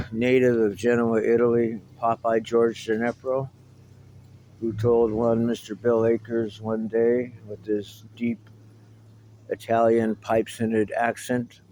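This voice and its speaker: A man's voice: on the low side, flat delivery, unhurried, warm tone, poor audio. A middle-aged man talking casually to the camera in a meandering, reminiscing way, with wry asides. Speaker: vlogger. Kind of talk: casual rambling monologue to camera.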